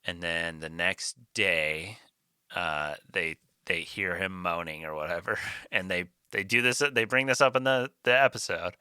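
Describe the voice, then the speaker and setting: A man co-hosting a casual podcast, retelling scenes with frequent laughter and rattling off ad reads quickly. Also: low voice, bright, forceful tone, clear, resonant tone, no echo, clean studio sound. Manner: laughs often while retelling, fast ad reads. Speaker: podcast co-host. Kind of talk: casual podcast chat with ad read.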